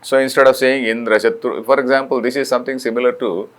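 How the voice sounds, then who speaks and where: A man's voice: medium pitch, fairly even intonation, moderate pace. An older man from India, lecturing on scripture, explaining patiently with many fillers and restarts and reciting Sanskrit verses. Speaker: spiritual lecturer.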